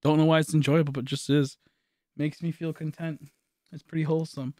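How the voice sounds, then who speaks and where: A man's voice: a little high, level tone, a little fast, warm tone, no room sound. A man in his late twenties, a streamer rambling through a funny story, laughing often and swearing casually.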